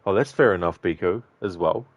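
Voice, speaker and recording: Low-voiced man chatting with his stream. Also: fairly quick, no room sound, muffled recording. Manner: chatty, loose, greets and answers chat by name. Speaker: game streamer. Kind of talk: casual chat with live viewers while playing.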